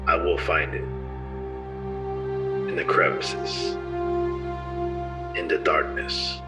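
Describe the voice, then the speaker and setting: A man's voice: extremely low pitch, monotone, pitched below the performer's own voice. A man doing a brooding, mysterious show narrator. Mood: ominous. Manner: slow, solemn, ominous delivery. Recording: roomy, under loud ambient music.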